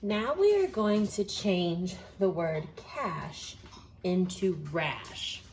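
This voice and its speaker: A woman teaching a phonics lesson, speaking slowly and carefully and sounding out each word. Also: fairly low pitch, animated, darkish tone, slight background noise. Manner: slow, deliberate, sounds out words.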